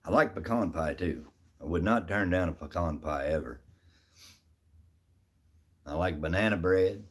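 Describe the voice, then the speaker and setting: A man's voice: deep voice, a little slow, slightly rough. A middle-aged man casually chatting on a live stream, answering viewers by name in a folksy, easygoing way. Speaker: livestream host reading chat.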